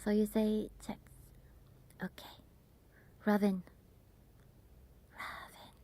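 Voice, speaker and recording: A woman whispering as an ASMR streamer, chatting softly and haltingly with her viewers. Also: medium pitch, fairly even intonation, breathy edge. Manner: halting, with many fillers. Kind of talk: whispered ASMR livestream chat.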